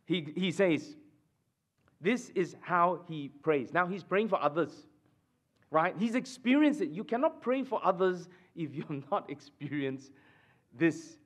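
A man preaching a sermon in church, emphatic and animated, often asking the congregation "right?" and dropping suddenly to a hush. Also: sits high, a little slow. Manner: repeats and restarts phrases, addresses the congregation with "right?". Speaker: pastor.

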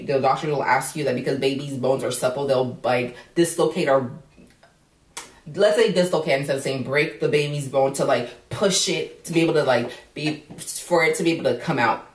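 A woman's voice: low voice, normal speed. Indignant woman vlogger, echoey and distant. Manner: outspoken and indignant, swears freely. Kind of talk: casual commentary on a news story. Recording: roomy echo, voice from a distance.

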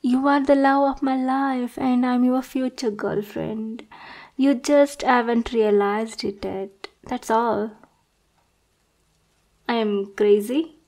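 A woman's voice: fairly high pitch, darkish tone. A woman doing a clingy obsessive girl, whispered role-play. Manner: sweet, clingy, calls listener darling. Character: obsessive, adoring young woman intruder. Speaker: ASMR performer.

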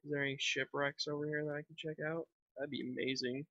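A man's voice: fairly high pitch, level tone, fast talker, sharp tone, no room sound. A young man chatting casually while playing a game, rambling and thinking aloud with lots of fillers. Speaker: gaming vlogger. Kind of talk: casual gameplay commentary. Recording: dull lo-fi home mic.

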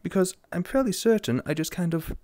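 A young English man commenting jokingly and sarcastically while playing a horror game, getting excited easily. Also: high voice, brisk, no echo. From England. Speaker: gamer.

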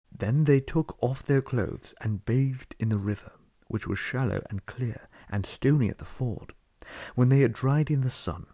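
A man narrating a book aloud with steady, even storytelling. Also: medium pitch, no echo, studio quality. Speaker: audiobook reader.

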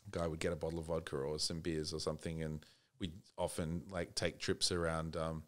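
Australian man, very deep voice, laid-back storytelling, casual swearing. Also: completely flat delivery, fairly quick. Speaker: podcast guest.

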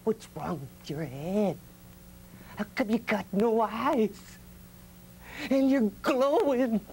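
A man's voice: sits high, slow, gravelly, a little mellow, breathy edge, full character voice. A man voicing a deranged, belligerent street character who picks fights with passers-by.

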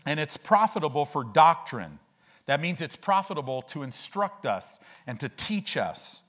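This is an older man delivering a sermon from the pulpit, his voice sitting a bit high for a man. His delivery is animated, with wide swings of pitch and frequent rhetorical questions aimed at the listeners. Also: normal speed. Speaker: pastor.

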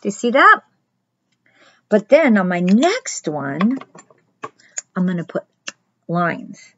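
A middle-aged woman, a children's pastor, giving a chatty crafts lesson and speaking straight to the children in a gentle way. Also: medium pitch, sing-song, slow pace, dull audio.

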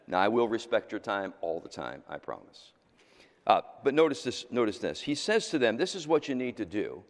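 Lively male preacher, voice jumps up and down a lot, chatty then loud then hushed, big echoey church. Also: mid-range voice, a little fast. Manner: animated, conversational, swings from loud exclamations to quiet asides. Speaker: pastor. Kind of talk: sermon. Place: church sanctuary. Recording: reverberant church hall.

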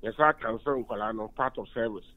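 A man's voice: mid-range voice, fairly quick. A Ghanaian university lecturer and union official giving an emphatic phone-in radio interview, switching between Twi and English. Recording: tinny phone line.

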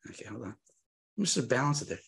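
A man's voice: medium pitch, sing-song, rapid-fire, gravelly, fairly bright tone. A man performing comic magic patter for a live audience, swinging from very serious to absurd, with teasing asides.

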